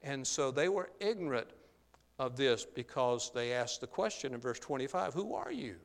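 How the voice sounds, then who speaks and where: A man's voice: mid-range voice, expressive, normal speed. Guy preaching a sermon, earnest, keeps saying "uh... there", big echoey church hall. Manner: earnest, frequent "uh" and "there" tags. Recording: long hall reverb.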